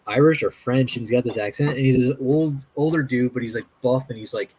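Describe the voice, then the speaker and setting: A man's voice: medium pitch, a little fast, crowd noise. A man in casual chat on a call, telling funny stories and acting out what others said, often laughing. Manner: laughing storyteller, acts out quotes.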